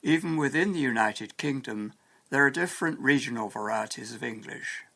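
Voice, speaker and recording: A man narrates a scripted lesson in a steady, explanatory manner. His voice sits at an ordinary middle pitch with a gravelly edge. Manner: measured, explanatory. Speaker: English teacher.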